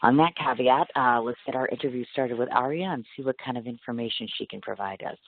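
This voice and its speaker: A woman's voice: very deep voice, quick pace, slight background noise. Chatty woman radio host on a tinny line. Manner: chatty and effusive, laughs often. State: talking after dental extractions. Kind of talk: casual radio interview. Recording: dry tinny phone-line audio.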